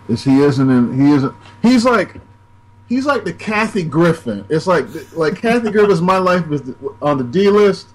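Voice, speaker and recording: A man co-hosting a casual podcast, speaking haltingly with many fillers and restarts. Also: medium pitch, rough recording. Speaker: podcast co-host. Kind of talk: casual comic book discussion.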